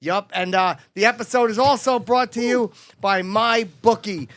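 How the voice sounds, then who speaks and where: A man doing Chip, a high-pitched crude man-child host. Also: moderate pace, fairly bright tone. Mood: blustering. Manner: brash, crude, mumbling. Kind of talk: comedic podcast character.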